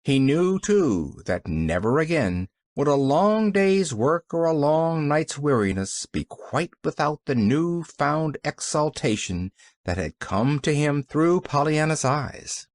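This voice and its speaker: Male audiobook narrator, expressive, lively pitch, dry close-miked sound. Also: slow, dry recording. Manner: expressive storytelling.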